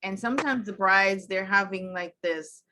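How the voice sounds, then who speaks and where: A woman's voice: mid-range voice, moderate pace, sharp tone. Woman host posing questions, teasing. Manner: asks questions, sets up scenarios, teasing. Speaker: talk show host. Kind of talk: casual chat.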